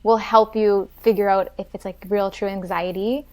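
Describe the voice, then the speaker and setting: A woman's voice: mid-range voice, steady tone. A young woman talking as a podcast guest in casual chat, chatty and filling her talk with "like". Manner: fast and chatty, fills talk with "like". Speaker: podcast guest, Pilates instructor.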